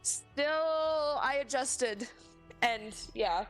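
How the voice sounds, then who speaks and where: Woman player talking real slow, kinda high voice, lots of likes and ums. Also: animated, a bit bright, soft background music. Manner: hesitant, many fillers, laughing. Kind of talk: in-character tabletop play.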